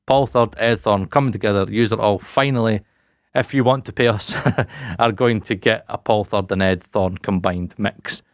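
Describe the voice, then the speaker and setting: A man's voice: on the low side, moderate pace, no room sound, studio quality. A man co-hosting a podcast in loose, rambling casual chat, swearing and laughing often. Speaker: podcast co-host.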